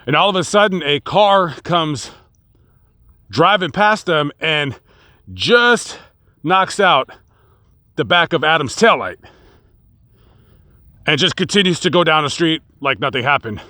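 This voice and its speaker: A man narrating a true crime story in a casual, dramatic vlog style, building excitement and acting out quotes. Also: on the high side, a little slow, long pauses, no room sound, studio quality. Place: outdoors on location.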